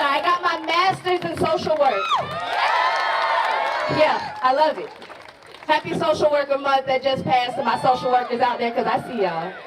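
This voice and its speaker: A woman from Pensacola, Florida, giving a rousing, folksy rally speech as a regional organizer, her voice hoarse. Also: sits high, very noisy. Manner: rousing, folksy, calls out to the crowd. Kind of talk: rally speech with call-and-response chants. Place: outdoor protest rally. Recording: distant outdoor crowd recording.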